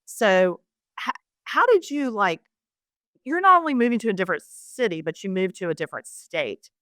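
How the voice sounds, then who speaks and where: A woman's voice: medium pitch, big pitch swings, moderate pace, a bit bright, no echo, studio quality. A woman hosting a podcast interview, encouraging her guest and restarting her questions as she goes. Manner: encouraging, repeats words as she starts questions. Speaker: podcast host. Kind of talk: conversational interview.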